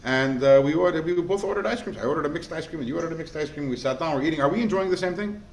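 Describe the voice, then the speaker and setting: A man, a rabbi, giving a lively class, quizzing students and telling stories in an animated way. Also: fairly high pitch, racing, gravelly. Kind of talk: lively lecture with questions to students. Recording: echoey room, faint background noise.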